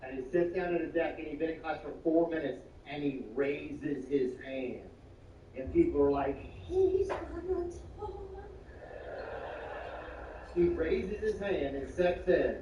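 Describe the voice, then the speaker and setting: A man telling a stand-up story with lots of energy. He swings from hushed asides to loud bursts and uses slang and swearing. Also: fairly high pitch, moderate pace. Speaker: stand-up comedian. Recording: roomy, distant, muffled, with clear background noise.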